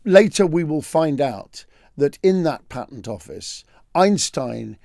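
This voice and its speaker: High-voiced rambling male podcast host. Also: slow pace, vocal fry, no echo, clean studio sound. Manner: rambling, animated joke-teller. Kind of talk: casual storytelling chat.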